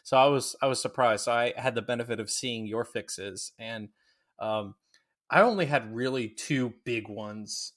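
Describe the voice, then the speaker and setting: A man's voice: medium pitch, normal speed, fairly bright tone. A man co-hosting a casual podcast, rambling and chatty with many "like"s. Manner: chatty, rambling, laughs often. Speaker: podcast co-host.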